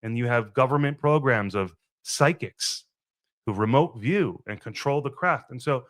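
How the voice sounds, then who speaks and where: A man hosting his own podcast, rambling and musing aloud in a loose solo monologue, with a curse word dropped in here and there. His voice sits at an ordinary middle pitch. The sound is dry and close, with no room around it. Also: lively intonation, a little slow, fairly bright tone, dry recording. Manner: rambling, musing, swears freely. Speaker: podcast host.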